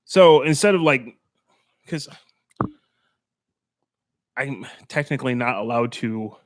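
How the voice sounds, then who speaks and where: Podcast co-host, male, drawling and sing-song, quick to laugh, dry close mic. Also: medium pitch, animated, dry recording. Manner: laughs often, swears freely while telling stories. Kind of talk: casual chat.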